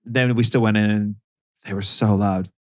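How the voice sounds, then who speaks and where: A man's voice: fairly low pitch, fairly even intonation, moderate pace. A man in his thirties, a guest podcast co-host, telling a casual story with dry, sarcastic humor.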